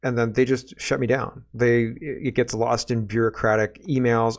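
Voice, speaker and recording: A man's voice: medium pitch, fairly even intonation, normal speed, darkish tone. A Canadian man hosting a casual solo political commentary show, reading viewer comments aloud and reacting with sarcasm and exasperation. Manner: sarcastic, exasperated, mocking voices in quotes.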